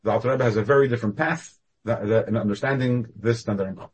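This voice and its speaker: A man giving a Torah class over a video call, talking animatedly with sudden jumps up and down in pitch and loudness. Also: fast talker, breathy edge. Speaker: rabbi teaching a class.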